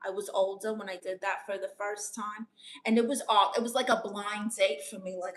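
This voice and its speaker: A woman's voice: mid-range voice, fairly even intonation, moderate pace, bright, forceful tone. A woman with a New York accent on a live stream, reading viewers' comments aloud and answering them as a chatty, playful aunt who calls people honey. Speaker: live streamer giving advice.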